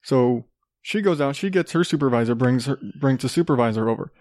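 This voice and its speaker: A man's voice: medium pitch, animated, brisk, darkish tone, no room sound, studio quality. A young man hosting his own show, telling a profane, ranting story and acting out both sides of an argument. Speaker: podcast host.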